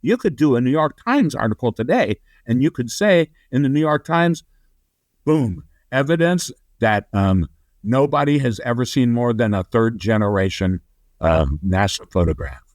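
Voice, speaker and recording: A man guest on a podcast, telling a rambling story and getting animated when he quotes others. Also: mid-range voice, moderate pace, dry recording. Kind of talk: conversational storytelling.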